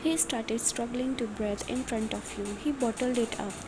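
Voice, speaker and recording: A woman's voice: fairly high pitch, fairly even intonation, moderate pace. A woman reading fan fiction aloud, voicing narration and dialogue alike, with occasional slips and restarts. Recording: noisy background.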